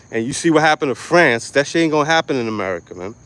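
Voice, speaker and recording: A young man from New York City rants into the camera as an online commentator. His talk is blunt, aggressive and full of street slang and swearing. His voice sits at an everyday middle pitch. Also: lively intonation, brisk, fairly bright tone. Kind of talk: ranting commentary.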